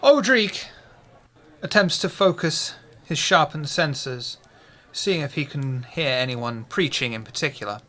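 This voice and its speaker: Guy running a tabletop game, slow and measured, kinda bright voice. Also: fairly high pitch, animated. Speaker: game master.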